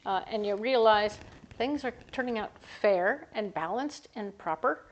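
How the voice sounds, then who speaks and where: A woman gives a casual, upbeat tarot reading to camera, chatty and often correcting herself mid-sentence. Her mid-range voice is expressive and measured in pace, and the recording's highs are cut off.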